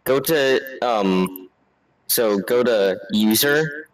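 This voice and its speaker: Man, mid pitch, laid-back, explains things step by step, tabletop game chat. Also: expressive, very slow, low-quality recording. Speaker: player.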